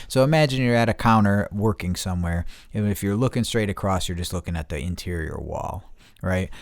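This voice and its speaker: A man with a lowish voice rambles through a story in loose, profane, blunt talk. The sound is dry and close, with no room around it. He keeps circling back and restarting his sentences. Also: dry recording. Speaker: podcast host. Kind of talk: casual storytelling.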